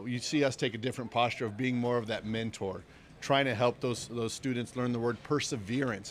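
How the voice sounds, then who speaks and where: A man co-hosts a live event broadcast in a measured, reflective voice. He speaks with a mentoring tone and takes his time to make each point. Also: medium pitch, a little hiss or hum. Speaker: co-host, event organizer.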